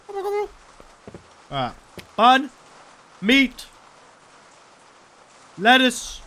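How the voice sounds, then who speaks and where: A man's voice: fairly high pitch, sharp tone, slight background noise. A man doing crude, joking let's-play commentary while he plays. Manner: crude, joking, swears a lot. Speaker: gaming YouTuber.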